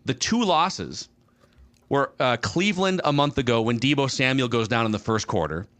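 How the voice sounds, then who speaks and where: A man's voice: mid-range voice, moderate pace. A man hosting a casual sports podcast, walking steadily through stats and numbers. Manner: stat-driven, steady, walks through numbers.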